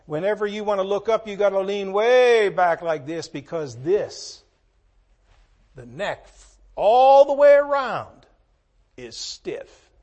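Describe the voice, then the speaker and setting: A man preaching a sermon, reading scripture slowly and swinging between hushed asides and loud emphatic lines. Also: high-pitched. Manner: reads scripture in slow, measured tones.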